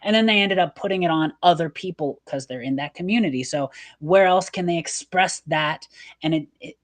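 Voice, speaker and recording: A woman's voice: lowish voice, brisk. A woman hosting a talk show, telling a personal story in an earnest, emotional way with many restarts. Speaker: host.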